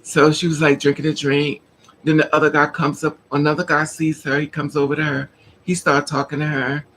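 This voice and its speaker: A woman's voice: sits low, flat delivery, brisk, a bit bright, slight background noise, low-quality recording. A woman vlogger casually telling a personal story to her viewers, acting out the dialogue and laughing often.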